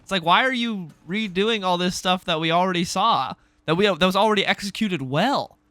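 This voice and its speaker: A young man rants to camera, exasperated and sarcastic, in rapid-fire bursts of disbelief. His voice is fairly high, bright and tense. The sound is close-miked and dry, with no room around it. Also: no echo. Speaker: video creator ranting. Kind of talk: heated solo rant.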